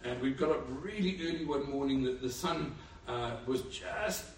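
A man preaching a sermon with animated storytelling, who lives in Africa. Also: medium pitch, normal speed, slight background noise. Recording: echoey room, far from mic.

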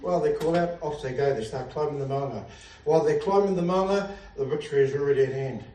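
A man's voice: on the high side, fast, warm tone, recorded from a distance, slight background noise. A man preaching a fervent sermon, often exclaiming hallelujah and laughing at his own jokes. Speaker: pastor. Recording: echoey room, speaker away from mic.

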